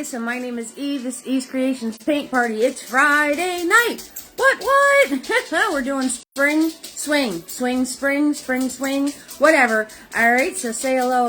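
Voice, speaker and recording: A woman's voice: a little high, sharp tone. A chatty, upbeat woman hosting a live online painting class who calls her viewers sweetheart. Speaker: paint party host.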